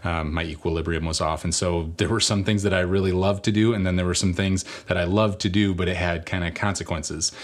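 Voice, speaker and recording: A man preaching a sermon, telling a personal story in a lively way and joking about himself. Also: low voice, brisk, few pauses. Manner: animated storytelling, self-mocking humor. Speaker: pastor.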